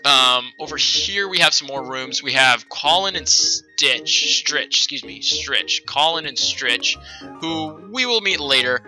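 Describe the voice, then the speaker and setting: A man hosts a let's play, rambling through video game commentary with plenty of ums and asides. His voice is bright and animated, with game music faint behind him. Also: fairly high pitch, measured pace, rough recording. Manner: rambling, many fillers.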